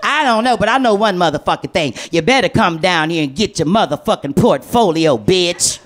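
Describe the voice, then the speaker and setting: A woman voicing her foul-mouthed, angry mother, scolding in a lower, slower voice. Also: animated, slight background noise, close to an everyday voice. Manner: cussing, scolding, drawn-out lower voice.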